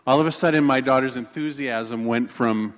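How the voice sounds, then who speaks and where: A man preaching a sermon, telling a personal story in an animated, self-mocking way. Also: mid-range voice, moderate pace, big-room sound. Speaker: pastor.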